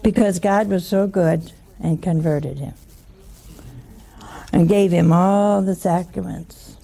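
A woman's voice: on the low side, slow pace, vocal fry, dark tone, slightly rough. A woman giving a chatty sermon, teasing her listeners with rhetorical questions and humor. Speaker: religious teacher. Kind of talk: conversational sermon.

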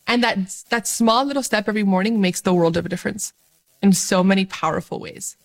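A woman giving a faith-sharing talk to camera as a Catholic youth minister. She speaks with joy and energy and laughs often. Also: a little fast. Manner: joyful and animated, laughs often, bright rises in pitch.

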